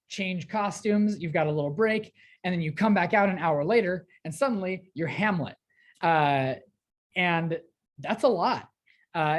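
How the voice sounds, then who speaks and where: Low-voiced woman teaching a class. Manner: explanatory, with fillers. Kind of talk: classroom lecture.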